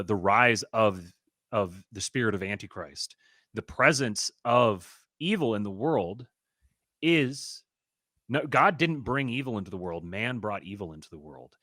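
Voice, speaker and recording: Man, podcast host, bright voice, earnest, dry sound. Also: lowish voice, dry recording. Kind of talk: casual theological discussion.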